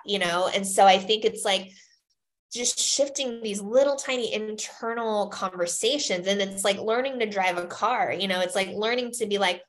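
A woman talking as a podcast guest in a casual, animated way, full of fillers, acting out her own inner voices. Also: medium pitch, normal speed.

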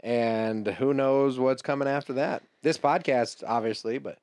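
A man's voice: medium pitch, darkish tone, smooth, no room sound. Rambling, joking male podcast co-host. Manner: rambling, joking, quick to laugh, swears casually. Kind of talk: casual chat.

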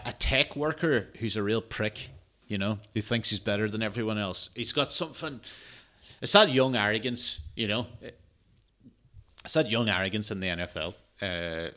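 A tired podcast host rambles through a casual solo sports chat, yawning now and then, swearing freely and padding his talk with fillers. His voice is low with a bright, forceful edge.

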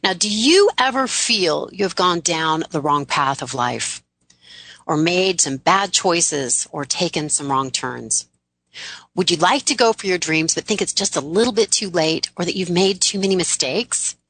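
Brief: inspirational woman host, lowish voice, bright and energetic, close dry mic. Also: measured pace, dry recording. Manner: upbeat, emphatic inspirational delivery. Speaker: radio show host. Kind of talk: radio interview.

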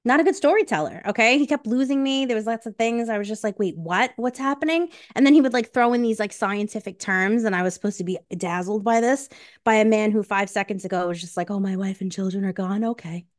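A woman's voice: a little high, fast, dry recording, clean studio sound. A woman co-hosting a book podcast, talking in a blunt, emphatic and slangy casual way. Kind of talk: casual chat.

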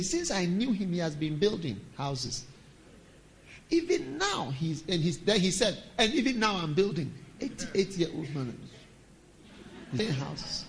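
A middle-aged man, preaching a sermon as pastor, emphatic and sometimes shouting. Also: high voice.

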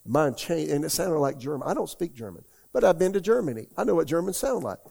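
Older man preaching with a gravelly voice. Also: a little high, sing-song, fast talker, dark tone. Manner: folksy, rambling, asks the congregation questions. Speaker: pastor. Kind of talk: conversational sermon. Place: church.

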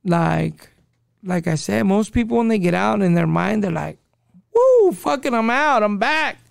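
A man's voice: high voice, creaky, a little mellow, no echo, clean studio sound. A man in his forties telling his story as a podcast guest, casual and profane, full of street slang. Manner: profane street slang, calls listener dog.

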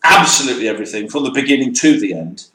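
A man's voice: mid-range voice, animated, very fast, sharp tone. A man co-hosting a casual motoring talk show, ranting and mocking mispronunciations in playful chat. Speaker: co-host. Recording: echoey room.

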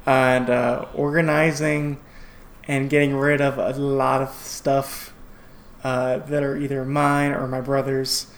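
A man co-hosting a podcast in casual chat, halting with many fillers and restarts. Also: medium pitch, flat delivery. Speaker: podcast co-host.

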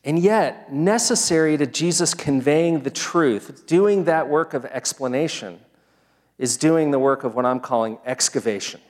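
A male pastor with a fairly high voice gives an earnest, measured sermon, laying out each point in short, deliberate phrases. His words trail into the long reverb of a big church sanctuary. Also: a little mellow. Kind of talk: sermon with opening prayer. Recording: long reverb of a large hall.

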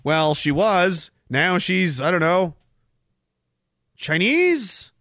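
A man's voice: high voice, big pitch swings, extremely slow, a bit bright, no room sound, clean studio sound. A man hosting a livestream, ranting sarcastically about the news and reading out viewer comments. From Canada. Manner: sarcastic, ranting, swears freely. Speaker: livestream host.

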